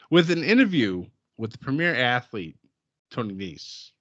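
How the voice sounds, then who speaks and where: Animated man in casual podcast talk. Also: mid-range voice, takes it slowly, dry recording, lo-fi sound. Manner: enthusiastic, laughs often. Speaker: podcast co-host. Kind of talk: casual wrestling chat.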